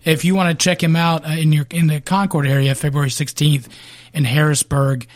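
A man co-hosting a podcast, his voice a touch higher than most. He sounds upbeat and laughs easily. His mic sound is dry and close. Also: flat delivery, brisk, no echo. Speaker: podcast co-host. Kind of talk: casual podcast chat.

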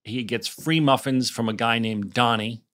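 A man co-hosting a casual podcast chat over a remote call, excitable and self-deprecating, swearing casually. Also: mid-range voice, moderate pace. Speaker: podcast co-host. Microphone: remote call mic.

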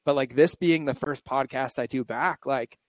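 A man's voice: mid-range voice, moderate pace, no echo, low-quality recording. Man with a shaky, near-tearful voice. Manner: open, reflective, confessional. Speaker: podcast host. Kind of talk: candid emotional conversation.

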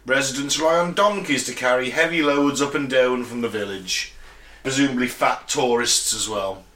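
A man's voice: medium pitch, moderate pace, fairly bright tone. A British man co-hosting a casual podcast, joking and swearing as he reads out listener towns and tells a story. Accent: British English. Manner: sweary, joking, laughs often. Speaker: podcast co-host. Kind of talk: casual banter, reading listener locations. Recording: roomy echo.

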